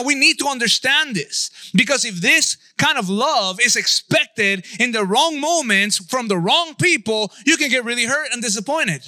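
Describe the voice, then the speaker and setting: A man in his thirties preaches a conversational sermon, frequently checking in with his listeners and putting questions to them. His high, bright voice has a forceful tone, recorded in studio quality with no room sound.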